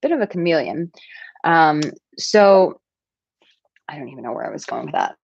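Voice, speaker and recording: A woman in her thirties, a dating coach, talking casually to camera with animated storytelling and playful asides. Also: low-pitched, moderate pace, creaky, dry recording, lo-fi sound. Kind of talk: casual advice talk to camera.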